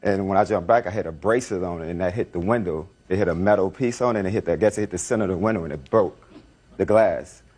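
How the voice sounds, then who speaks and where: A man's voice: low-pitched, fast, darkish tone, husky. A man testifying as a defendant in a TV courtroom, rambling and repeating himself as he retells events.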